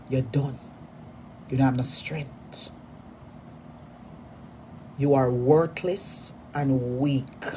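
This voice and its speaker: Slow, taunting Jamaican woman ranting. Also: extremely low pitch, slight background noise. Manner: mocking, repetitive, insults in sudden loud bursts. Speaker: social media personality. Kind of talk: taunting rant at a rival.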